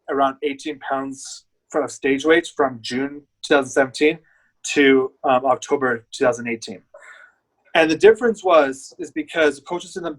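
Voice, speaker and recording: A man's voice: a little high, rough recording. A man guest, a bodybuilder, telling his story in candid, rambling casual chat.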